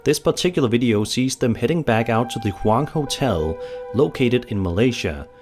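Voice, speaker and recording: Male horror narrator, measured scripted read, music bed. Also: medium pitch, expressive.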